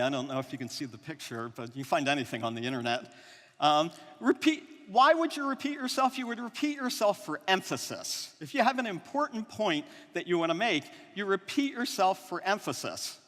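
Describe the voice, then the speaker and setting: A man giving a conversational conference talk, often checking in with the audience. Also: high-pitched. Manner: animated, conversational, often adds "right?". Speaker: conference speaker. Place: large conference hall. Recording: long hall reverb.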